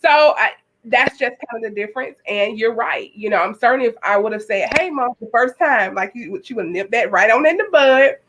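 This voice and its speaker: A woman's voice: on the high side, brisk, background noise. A woman author, a guest on a talk show, speaking earnestly and reflectively about her experiences. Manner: earnest, reflective, frequent affirmations. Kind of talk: casual interview conversation.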